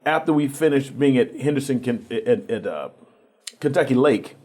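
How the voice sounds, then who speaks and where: A man, a guest on a TV interview show, telling family stories in a relaxed way and acting out the people he quotes, with frequent restarts. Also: mid-range voice, normal speed. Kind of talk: storytelling in a TV interview.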